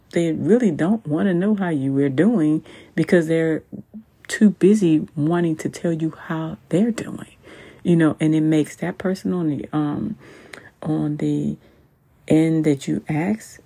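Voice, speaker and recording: A podcast host talking alone to listeners in a soft, halting way, full of "you know" fillers. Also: mid-range voice, creaky, slightly rough. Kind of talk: solo podcast talk.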